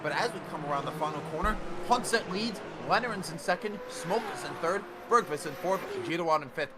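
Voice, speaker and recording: Man, race commentator, high voice, energetic play-by-play, noisy stream audio, game engine hum behind. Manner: energetic, quick bursts of excitement.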